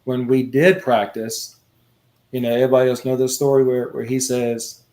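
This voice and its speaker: A man's voice: medium pitch, normal speed, slight background noise. Guy spinning a story, easygoing mid voice, laughs a lot. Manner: animated anecdote teller, laughs often. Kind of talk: casual storytelling.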